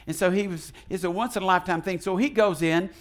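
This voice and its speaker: Male pastor, fairly high voice, folksy and animated sermon delivery, questions tossed to the pews. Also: fast. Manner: animated, asks the congregation questions and leads call and response; folksy, retells the story in his own casual words.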